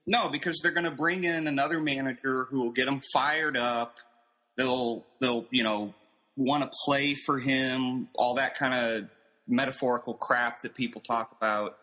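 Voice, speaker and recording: A man's voice: mid-range voice, steady tone, normal speed, sharp tone, in a large hall. An American man calling in by video to a podcast, bluntly dismissing others' picks in casual sports banter. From United States. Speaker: podcast panelist. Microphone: video call.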